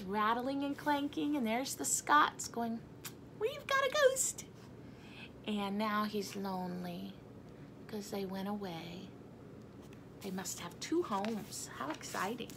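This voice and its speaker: A woman's voice: mid-range voice, sharp tone, a little hiss or hum. A woman reading a picture book aloud in a chatty manner. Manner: chatty, breaks off to talk to her cat and laugh. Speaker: storybook reader.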